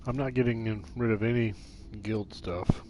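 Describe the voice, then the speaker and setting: A man's voice: lowish voice, steady tone, moderate pace, background noise. A man streaming a video game, chatting casually and profanely with his viewers in a joking way. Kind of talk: casual live-stream chat.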